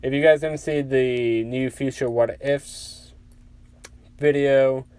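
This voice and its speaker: A man's voice: medium pitch, fairly even intonation, slow, a little mellow, clean tone, dry recording. A man casually narrating a fan-fiction story in a rambling way, full of "like" fillers.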